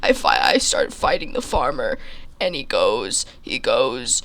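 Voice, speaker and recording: A man's voice: medium pitch, wildly swooping pitch, unhurried, vocal fry, a bit bright. A man telling an absurd comic story in a rambling way, with many restarts. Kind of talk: comedic storytelling.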